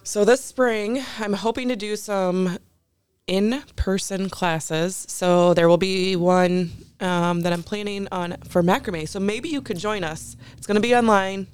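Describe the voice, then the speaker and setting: A woman, a guest on a podcast, chatting in a relaxed, wry way. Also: medium pitch, a little slow, clean tone, no room sound. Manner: relaxed, wry, laughs easily. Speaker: podcast guest, craft creator. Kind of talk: casual chat. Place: podcast studio.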